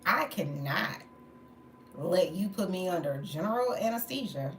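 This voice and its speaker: A woman's voice: on the low side, expressive, a little slow. A tired woman venting candidly in a late-night livestream monologue, laughing between stories. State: tired from no sleep. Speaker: livestream host. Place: indoors at home, late at night. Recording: roomy echo, faint background noise.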